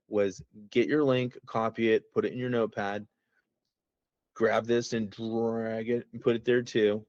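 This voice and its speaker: On lo-fi sound with no room sound, a man with a lowish, darkish voice casually walks through his app over a video call. As its founder, he rambles in a folksy way and keeps interrupting himself.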